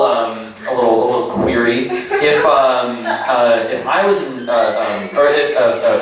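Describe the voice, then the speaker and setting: A young man doing a stand-up set, rambling and halting with lots of fillers and self-aware asides. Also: medium pitch. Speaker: stand-up comic. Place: small comedy club. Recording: echoey club, distant mic, audible noise.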